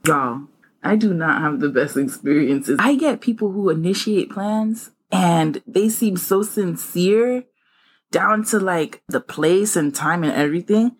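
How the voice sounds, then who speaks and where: A young woman with a fairly low voice co-hosts a relaxed chat. She laughs easily and reads messages aloud with a playful tease. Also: measured pace, slightly rough. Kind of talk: casual chat.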